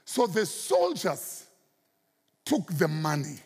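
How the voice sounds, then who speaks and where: South African pastor preaching with big pitch swings. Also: male voice, huge pitch swings, husky, in a large hall. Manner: preaching with sudden pitch swings and drawn-out emphasis. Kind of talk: sermon.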